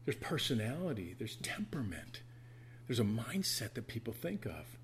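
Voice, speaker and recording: A man's voice: mid-range voice, sing-song, moderate pace, a little hiss or hum. A man preaching an earnest, tender sermon in a church as the pastor.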